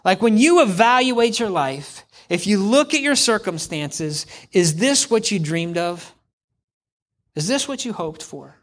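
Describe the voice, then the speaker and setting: A man's voice: high-pitched, animated, measured pace. A middle-aged man preaching in a conversational way, repeating lines for emphasis. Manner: conversational, acts out hypothetical quotes, repeats for emphasis. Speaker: pastor. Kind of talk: sermon.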